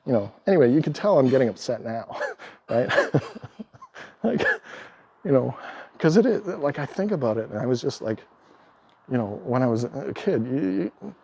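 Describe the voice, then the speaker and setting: A man in a casual vlog monologue, talking in an animated, exasperated way, acting out quoted exchanges and laughing often. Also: medium pitch, vocal fry, slightly rough, lo-fi sound. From Canada. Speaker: travel vlogger.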